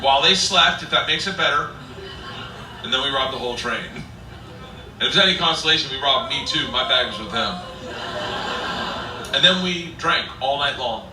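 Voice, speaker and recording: A man telling a stand-up story loudly and excitably, often laughing at his own lines. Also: mid-range voice, a little fast. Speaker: stand-up comedian. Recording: echoey distant playback with noise.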